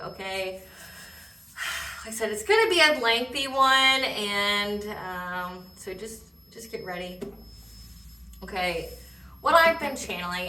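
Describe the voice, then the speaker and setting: Bright-voiced woman tarot reader, echoey. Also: medium pitch, a little hiss or hum. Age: adult. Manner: rambling, many fillers and "okay?" check-ins; laughs while telling stories. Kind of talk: casual spiritual reading. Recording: roomy echo, distant mic.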